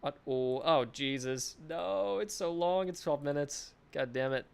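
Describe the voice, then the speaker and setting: A man's voice: on the high side, a little slow, creaky, clean tone. A male game developer thinking aloud in a casual live stream, chatty and self-mocking, swearing offhandedly, speaking into a desk microphone.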